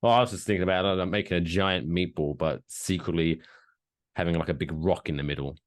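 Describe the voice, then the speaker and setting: A man's voice: low voice, a little fast, no echo, studio quality. A man, co-hosting a casual podcast with jokes and swearing. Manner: animated, swearing, jokey. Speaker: podcast co-host.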